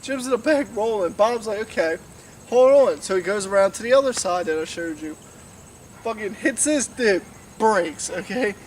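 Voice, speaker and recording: A man's voice: sits high, moderate pace. A drunk young man rambling through a story, swearing and pointing out places to the camera. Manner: rambling, profane, tipsy. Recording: distant mic, faint noise.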